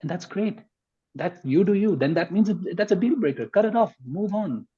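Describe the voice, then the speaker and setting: Husky-voiced man making his case. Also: high-pitched, animated, moderate pace, highs cut off. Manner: emphatic, argues point by point. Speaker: podcast guest. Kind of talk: conversational podcast discussion.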